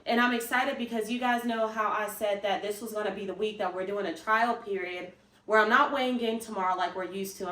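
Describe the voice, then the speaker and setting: A woman's voice: medium pitch, fairly bright tone. A young woman fitness vlogger talking casually to her viewers, chatty and emphatic, rambling as she encourages herself. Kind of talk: casual vlog talk to camera. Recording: roomy, picked up from a distance.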